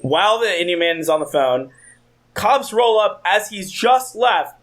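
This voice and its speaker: A man's voice: sits high, measured pace, fairly bright tone. Rambling young man telling a story. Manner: rambling, profane, laughing storyteller. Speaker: podcast co-host. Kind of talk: casual podcast chat, storytelling.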